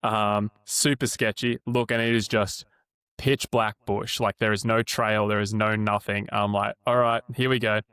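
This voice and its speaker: A man's voice: on the low side, moderate pace, clear, resonant tone, no echo, studio quality. An Australian man in his twenties or thirties, co-hosting a podcast, telling a rambling anecdote with casual swearing. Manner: laid-back, swears freely, animated anecdotes. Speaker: podcast co-host. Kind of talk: casual storytelling chat.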